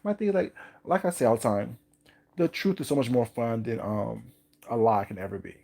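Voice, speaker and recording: Male livestream host, gravelly mid-range voice, loose chatty delivery with lots of laughter. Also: mid-range voice, fairly quick, dark tone. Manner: chatty, repetitive, laughs often. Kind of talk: casual live chat while eating.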